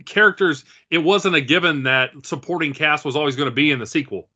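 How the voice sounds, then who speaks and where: A man's voice: on the high side, a little fast, pushed and bright, slightly rough. A man co-hosting a casual chat podcast, agreeable and chatty, with many fillers. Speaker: podcast co-host. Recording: dull lo-fi audio.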